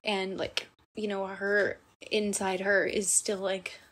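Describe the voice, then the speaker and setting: A young woman co-hosting a casual podcast chat, telling stories in a warm, emotional way that turns tearful. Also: mid-range voice, level tone, slow pace, slight background noise. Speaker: podcast co-host.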